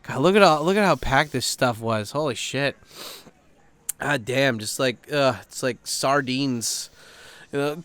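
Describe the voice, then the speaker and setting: A man's voice: on the high side, measured pace, no echo. A young man hosting a podcast, chatting casually and swearing a lot, with plenty of fillers as he rambles. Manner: profane, animated storytelling with lots of fillers. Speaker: podcast host.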